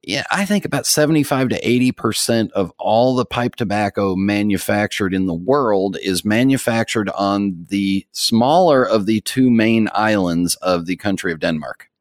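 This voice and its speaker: A man's voice: fairly low pitch, normal speed, few pauses, dry recording, clean studio sound. A middle-aged man co-hosting a casual podcast, explaining pipe history in rambling, joking stretches. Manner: rambling, self-deprecating joker. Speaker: podcast co-host, pipe tobacco expert.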